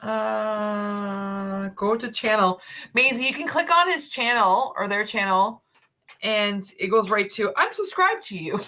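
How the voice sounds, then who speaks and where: A woman's voice: medium pitch, slow, pushed and bright. A woman hosting a casual livestream chat, chatty and laughing often, with many fillers. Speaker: paranormal channel host.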